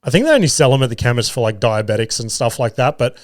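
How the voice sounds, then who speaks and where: An Australian man in his thirties rambles through an everyday story on his podcast, swearing freely and joking at his own expense. His voice sits at an ordinary middle pitch and is recorded close and dry, with no room sound. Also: animated, quick pace, dry recording. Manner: rambling, swears freely, self-deprecating humour. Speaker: podcast host. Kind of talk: casual storytelling monologue.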